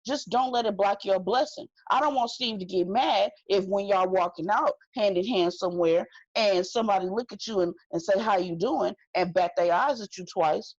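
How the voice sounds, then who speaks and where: A woman from California co-hosts a recap podcast, dishing out blunt advice in emphatic slang. Her voice sits at a middle pitch, recorded dry and a little dull, like lo-fi home audio. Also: normal speed, few pauses, dry recording. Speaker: podcast co-host. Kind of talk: casual recap chat.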